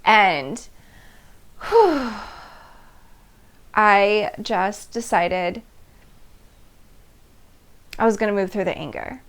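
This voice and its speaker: This host, a woman in her thirties, tells a personal story in a mid-range voice, speaking very slowly with long pauses. She laughs between phrases and acts out her past reactions with animation.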